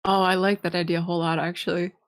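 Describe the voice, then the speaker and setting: A woman playing a tabletop game in character, enthusiastic and quick to agree. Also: fairly low pitch, little pitch movement.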